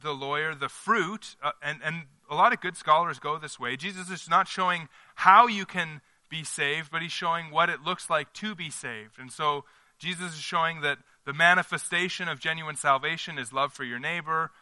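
A man's voice: on the high side, normal speed, bright, forceful tone, no room sound. A man preaching a conversational sermon at a church service, earnest and emphatic, working through his points as he thinks aloud. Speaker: pastor.

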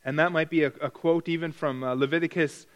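A man's voice: a little high, fairly even intonation, fast. A man preaching a verse-by-verse Bible lesson, stressing key words through repetition and often restarting or correcting himself mid-sentence. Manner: frequent restarts and self-corrections.

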